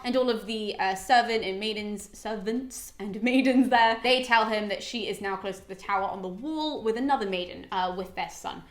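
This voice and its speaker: A woman's voice: a little high, fairly quick, few pauses, a bit bright. A young woman hosting a classics channel, summarizing an epic in a chatty, irreverent way with casual swearing. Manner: chatty and irreverent, swears, voices characters in quotes. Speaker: classics video host. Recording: echoey room.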